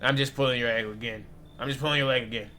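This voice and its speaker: A man voicing a boisterous, tipsy visitor who jokes loudly and pushes his luck. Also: medium pitch, fairly even intonation, fast talker, a little hiss or hum, lightly acted. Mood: brash. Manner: loud brash joking banter.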